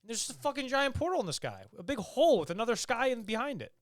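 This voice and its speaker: A man's voice: extremely high pitch, sing-song, quick pace, dry recording, studio quality. A young man co-hosting a podcast, chatting casually and animatedly, swearing and acting out scenes. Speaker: podcast co-host. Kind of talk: casual chat.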